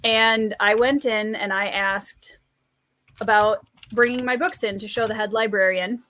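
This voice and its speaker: A woman with a Scandinavian Midwestern accent from rural Minnesota, hosting a relaxed live stream, chatting, laughing often and reading out viewer comments. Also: medium pitch, unhurried. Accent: Scandinavian Midwestern American. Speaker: livestream host and writer.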